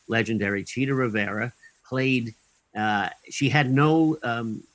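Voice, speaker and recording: A man with a mid-range voice, speaking a little slowly, is interviewed as an actor guest and tells long anecdotes in a wry, chatty manner full of fillers and restarts. He has dry comic timing and chuckles at his own punchlines. The recording is dry with no room sound, and the audio quality is poor.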